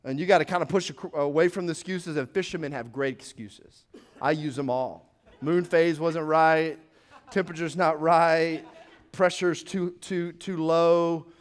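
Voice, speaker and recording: A man's voice: a little high, steady tone, measured pace. A man preaching a sermon as pastor, acting out scenes from the Bible with rising emphasis.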